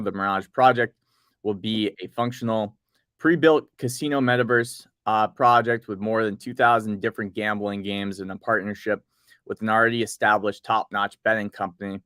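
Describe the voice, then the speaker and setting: A man's voice: fairly low pitch, no echo, studio quality. A man co-hosting a casual podcast, rambling through notes and reading bits aloud. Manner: relaxed, rambling, reads project notes aloud. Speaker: podcast co-host. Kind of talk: casual crypto news chat.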